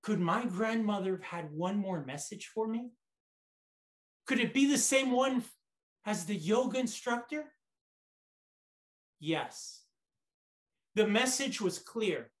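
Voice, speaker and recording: Slow, animated man giving a speech. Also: high-pitched. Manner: dramatic pauses, short phrases; storytelling, reflective. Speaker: speech contest competitor. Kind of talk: memorized contest speech. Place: online conference.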